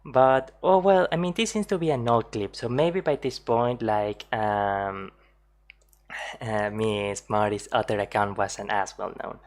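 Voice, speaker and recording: A woman's voice: a bass voice, unhurried, darkish tone. A woman streaming her reactions to video clips, chatting casually with frequent laughs and fillers.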